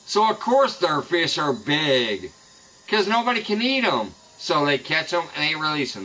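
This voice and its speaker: A man's voice: a little high, sing-song, normal speed, sharp tone, slight background noise, poor audio. A man streaming a fishing game, ranting angrily and cursing constantly at rival streamers. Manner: profane, angry ranting. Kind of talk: live gaming stream rant.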